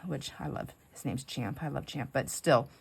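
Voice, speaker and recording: A woman's voice: extremely low pitch, moderate pace, gravelly, breathy edge. A middle-aged woman hosting a craft video at home, chatting in a rambling way while she works, laughing often and sometimes dropping to a whisper. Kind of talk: casual chat while crafting.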